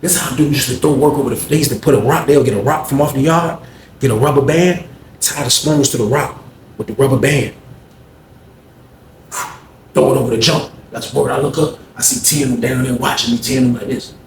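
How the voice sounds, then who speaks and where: Speaking fairly quickly in a mid-range voice, this young man from Norfolk, Virginia, relaxes into a story, doing voices for the other people in it and tossing in "man" and "bro." The room is echoey with faint ambience, and there's a little hiss or hum.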